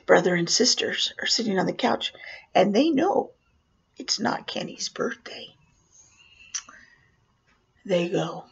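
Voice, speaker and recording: Husky gravelly lady telling a clown story slow, whispers bits, dull lo-fi sound. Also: mid-range voice. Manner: animated, acts out voices and drops to whispers. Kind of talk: personal storytelling.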